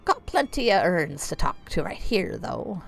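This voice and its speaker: Streamer doing a curt old sea dog captain, gravelly, lively rise and fall, salty slang. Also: female voice, fairly low pitch, measured pace, exaggerated voice. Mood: gruff, guarded. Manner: salty sailor slang, drawling.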